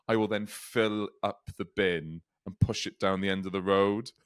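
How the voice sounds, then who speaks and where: Male comic co-host, chatty and giggly, mid-pitched, dry studio sound. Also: steady tone, moderate pace, smooth, no echo. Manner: laughs often mid-story, chatty. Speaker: comedian podcast co-host. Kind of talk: casual comedy chat.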